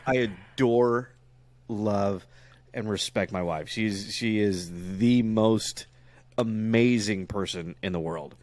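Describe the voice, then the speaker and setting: A man's voice: lowish voice, takes it slowly, no room sound. A young man in casual podcast chat, crude and joking, often cursing. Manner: crude, joking, jumps into loud mock voices. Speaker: podcast co-host.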